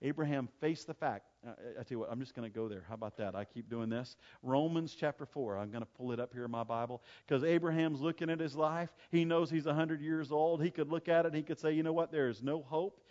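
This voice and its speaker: A man preaching a sermon, telling stories with emphatic repetition and dropping from loud preaching to quiet asides. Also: fairly high pitch, steady tone, fast, few pauses, lo-fi sound. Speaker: pastor.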